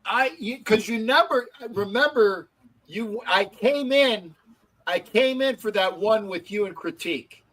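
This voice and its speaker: A man's voice: high voice, unhurried, fairly bright tone, low-quality recording. A man hosting a live stream in casual chat, rambling with lots of restarts and swearing freely. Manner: rambling, swears, many false starts. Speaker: show host.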